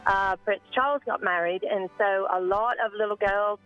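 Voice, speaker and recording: A woman's voice: medium pitch, fairly even intonation, moderate pace, fairly bright tone, clean tone, soft background music, low-quality recording. A woman from Scotland calling in to a radio show, chatting easily with frequent fillers. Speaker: caller. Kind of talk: casual phone chat.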